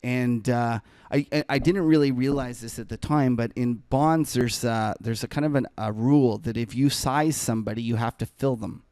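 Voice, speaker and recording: Rambling storytelling man, crisp dry sound. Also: mid-range voice, normal speed, few pauses, darkish tone, dry recording. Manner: rambling anecdote full of fillers and self-corrections; laughs while telling the story. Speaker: trader and podcast co-host. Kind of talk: casual storytelling.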